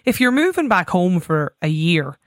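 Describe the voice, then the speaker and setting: A woman hosting a radio phone-in, talking in a relaxed, conversational way. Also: fairly low pitch, normal speed, dry recording, studio quality. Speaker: radio host.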